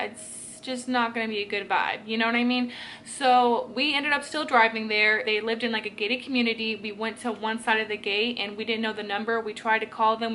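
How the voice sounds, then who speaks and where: A woman's voice: on the high side, a bit bright, slight background noise. A young woman telling a personal story to her own camera in a casual vlog, rambling and emotional, with lots of filler words. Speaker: vlogger. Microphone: camera she films herself with.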